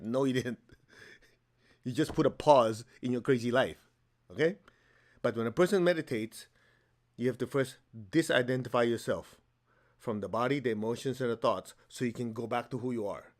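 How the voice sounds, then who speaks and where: A man giving a spiritual healing lecture as teacher, animated and often acting out little dialogues with a laugh. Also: mid-range voice, normal speed.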